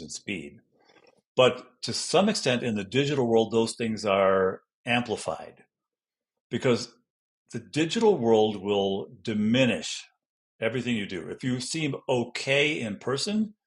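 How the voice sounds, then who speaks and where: A middle-aged man, an educational consultant, answering interview questions in an animated way and acting out classroom examples. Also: fairly low pitch. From Denver, Colorado.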